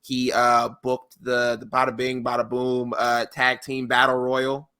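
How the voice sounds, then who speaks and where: A man co-hosting a podcast in loose, casual chat. His voice is bright and sharp. He tells stories and acts out the lines of the people in them. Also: medium pitch, unhurried, smooth. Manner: animated storyteller who acts out quotes. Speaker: podcast co-host. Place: podcast studio.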